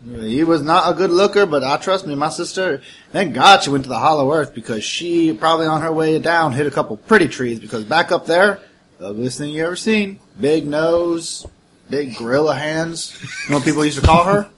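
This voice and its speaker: A man's voice: on the high side, moderate pace, a bit bright, a little hiss or hum. A man playing a tabletop game, rambling and joking as he lays out plans. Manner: rambling, joking, lots of fillers. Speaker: player. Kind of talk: casual tabletop game chat.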